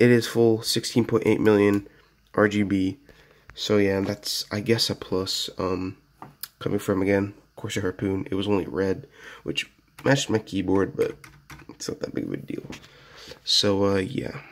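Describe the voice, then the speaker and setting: A man giving a casual, rambling product review at his home desk, full of fillers and "so yeah", recorded on a phone camera. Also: on the low side. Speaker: gaming gear reviewer.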